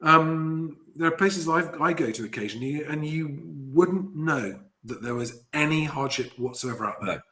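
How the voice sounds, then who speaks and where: A man's voice: on the high side, normal speed, hardly any pauses, sharp tone. A man hosting a casual chat, reading out viewer comments and laughing often. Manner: chatty, laughs often, reads comments aloud. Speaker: host.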